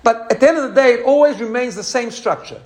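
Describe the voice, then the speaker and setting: A man teaching a lively religious lesson. He imitates sounds as he explains and often restarts his phrases. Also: very high voice, fast. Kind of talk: teaching talk.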